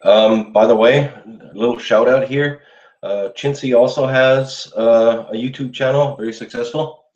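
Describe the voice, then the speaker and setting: A man hosting a casual live show, chatting in a relaxed, rambling way with his viewers while he shaves. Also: medium pitch, measured pace. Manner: relaxed, rambling, chuckles often, talks to viewers. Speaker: livestream host. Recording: roomy dull lo-fi sound.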